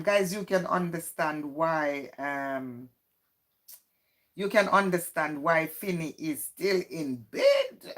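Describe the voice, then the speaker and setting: Woman, live stream host, unhurried, mid-pitched, teasing banter with chat. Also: a bit bright. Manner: chatty, teasing, greets viewers by name. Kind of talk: casual live stream chat, reading out viewer comments.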